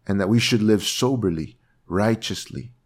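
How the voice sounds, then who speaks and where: A man's voice: on the low side, normal speed. A man preaching a sermon, reading scripture aloud and explaining it in an earnest, emphatic way. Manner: earnest, emphatic, rising on key words.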